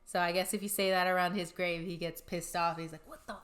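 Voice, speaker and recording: A woman's voice: fairly low pitch, level tone, a little fast, a bit bright. A woman co-hosting a podcast, casually reading out ghost stories from her notes with giggly asides. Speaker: podcast co-host.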